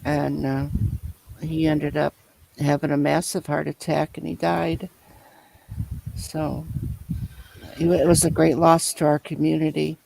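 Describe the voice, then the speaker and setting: A man telling a long personal story in casual chat, rambling and halting as he loops back over his points. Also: a little high, completely flat delivery, gravelly, darkish tone, no echo, poor audio. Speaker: storyteller in a conversation.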